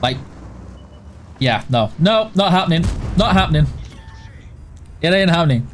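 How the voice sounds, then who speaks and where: A man from near Barnsley in Yorkshire, England, with a matching Yorkshire accent, hosts a gaming livestream and chats casually as he answers viewer questions. His voice is on the high side, animated and unhurried, and he rambles with plenty of restarts while faint music plays behind him.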